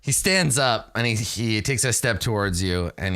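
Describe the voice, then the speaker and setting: Lively low-voiced male game master. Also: moderate pace, hardly any pauses. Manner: animated storytelling, voicing characters. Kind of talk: narrating a tabletop game.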